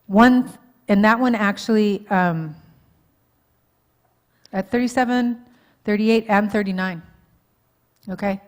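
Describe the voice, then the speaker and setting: A woman counselor speaks to a live church audience in an easy, conversational way. She keeps checking that people follow her and pokes fun at her own slips. Her voice sits at an ordinary middle pitch. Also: slow, pauses often. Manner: informal, checks in with the audience often, laughs at herself. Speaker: marriage counselor and conference speaker. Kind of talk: conversational teaching talk. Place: church hall, live event.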